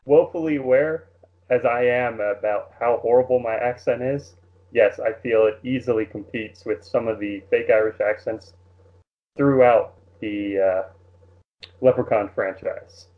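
A man's voice: medium pitch, steady tone, measured pace. A man who is a guest on a casual podcast, joking in a dry, wordy, self-mocking way. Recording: tinny phone-like remote line.

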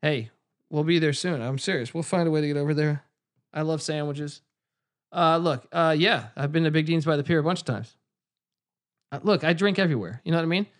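A man's voice: fairly high pitch, a little fast. Rambling, cursing male podcast host. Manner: rambling, profane storyteller with many fillers. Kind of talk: casual chat.

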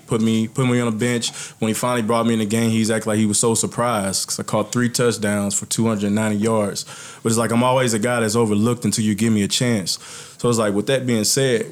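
A man who played pro football tells his own life story in casual chat and acts out what others said. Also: on the low side. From United States. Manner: animated storyteller, acts out quotes. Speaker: guest, former NFL player.

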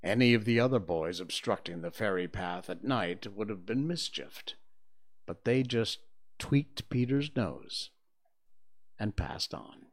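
A man reading a children's book aloud chapter by chapter, giving it expressive storybook narration. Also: lowish voice. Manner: unhurried and expressive. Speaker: reader of a serialized book.

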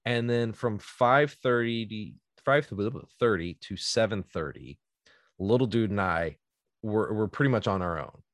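A man's voice: fairly low pitch, measured pace, no room sound, clean studio sound. A man in his thirties telling a casual story, laughing often and acting out what people said. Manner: animated, laughs often, acts out quotes.

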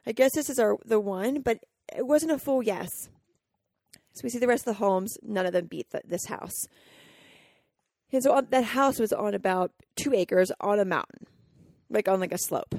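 A woman from Colorado hosts her own podcast and tells a personal story. She sounds candid and emotional, with many fillers and restarts. Her voice sits at a middling pitch, and the recording is dry with no room echo. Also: lively intonation, normal speed, a little mellow. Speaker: podcast host.

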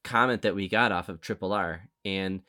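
Male podcast host, casual and rambling, fairly low voice. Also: moderate pace, bright, forceful tone, dry recording, clean studio sound. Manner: rambling, self-correcting. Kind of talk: casual chat.

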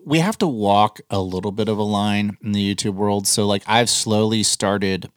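A man co-hosting a casual podcast, talking in an animated, blunt way and swearing freely. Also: fairly low pitch, moderate pace, clear, resonant tone, dry recording, studio quality. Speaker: podcast co-host.

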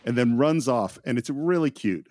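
A man co-hosting a podcast in a casual film discussion, who retells scenes in an animated way. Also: mid-range voice, normal speed. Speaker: podcast co-host.

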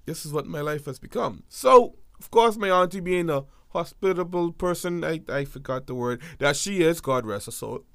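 A man casually telling a story, acting out quotes and swinging between hushed and loud. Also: on the high side, animated, moderate pace, creaky, hardly any pauses, clear, resonant tone, no room sound, clean studio sound.

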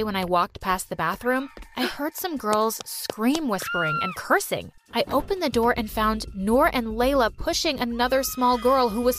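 Expressive woman narrating a story. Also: on the high side. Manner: expressive, dramatic. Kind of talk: scripted first-person story narration.

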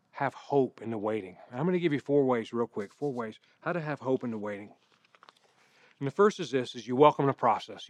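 A middle-aged pastor preaching a sermon in a conversational way, mixing scripture with personal stories. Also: male voice, mid-range voice, no echo.

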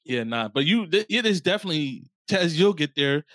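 A man chatting casually with friends, laughing as he tells lively stories about his kid. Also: a little high, fairly quick, no room sound, studio quality. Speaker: father. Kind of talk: casual chat among friends.

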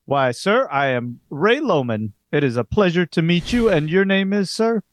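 A man's voice: on the high side, sing-song, normal speed, pitched above the performer's own voice. A man voicing a gregarious, folksy park host who speaks in a genial frontier drawl.

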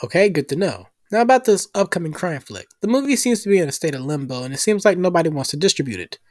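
A man hosting a scripted parody talk show in a deadpan, teasing manner. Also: on the high side, quick pace, no echo. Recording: music and crowd laughter behind.

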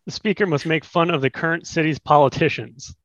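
A game host reads out challenge prompts in a calm, even voice. The sound is dry and close. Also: mid-range voice, fairly quick, no echo, highs cut off. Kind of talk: hosting a party game.

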